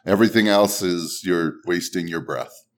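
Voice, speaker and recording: A man's voice: deep voice, normal speed. A man answering as a podcast guest, direct and listing details plainly. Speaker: guest investor. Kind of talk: casual podcast Q&A.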